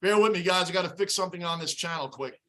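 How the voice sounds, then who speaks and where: Shouting, bright-voiced man fan ranting. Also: high-pitched, fast. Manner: frustrated, shouting play-by-play and rants. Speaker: fan livestream host. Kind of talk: live fan reaction commentary.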